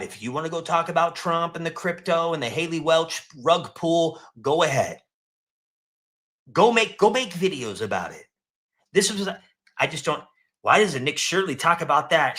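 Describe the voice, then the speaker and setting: A man's voice: on the high side, expressive, moderate pace, a bit bright. A man hosting a casual reaction show, mocking and profane as he riffs on clips.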